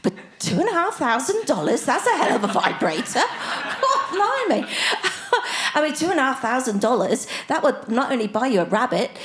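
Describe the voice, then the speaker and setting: Woman of sixty, stand-up comedy, self-mocking, bantering, slightly high voice. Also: sing-song, fairly quick, few pauses, background noise. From Australia. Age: 60s. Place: theatre stage before a live audience.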